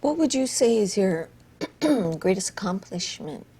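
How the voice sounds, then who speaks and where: Husky-voiced woman interviewer. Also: mid-range voice, very animated, unhurried, dark tone. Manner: supportive, affirming. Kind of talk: interview questions.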